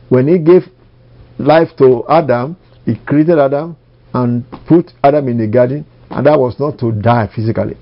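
A man preaching in a measured, mid-pitched voice, drawing out verses and repeating phrases for weight. The recording is dull and lo-fi, with the top end rolled off. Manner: slow emphatic scripture reading with repeated phrases. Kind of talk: sermon.

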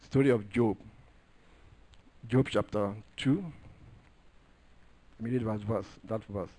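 A man's voice: on the low side, takes it slowly, warm tone. A man preaching a sermon, emphatic and repetitive, stressing key phrases as he works through scripture. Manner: repeats phrases while working through scripture.

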